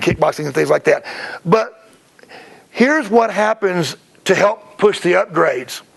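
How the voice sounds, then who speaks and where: Man, high and gravelly, chatty seminar presenter who acts out little scenes. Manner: chatty, acts out kids and parents in quick bits. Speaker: martial arts school owner presenting. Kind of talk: seminar talk to school owners.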